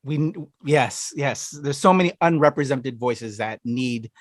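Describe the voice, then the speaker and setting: A man's voice: mid-range voice, measured pace, dry recording, clean studio sound. A man hosting a podcast interview, enthusiastic and affirming toward his guest. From United States. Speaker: podcast host.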